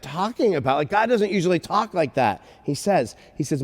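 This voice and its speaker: Guy preaching in a church, kinda high voice, tells a story and acts out all the lines, big echoey sanctuary. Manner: animated, halting restarts, acts out dialogue. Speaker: guest pastor. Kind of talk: storytelling sermon.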